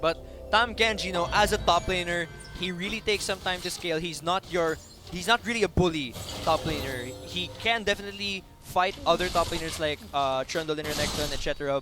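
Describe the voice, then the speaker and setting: A man with a Filipino accent giving color commentary on a live game, explaining plays at length and slipping into Tagalog phrases. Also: fairly high pitch. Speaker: esports analyst caster. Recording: game music behind.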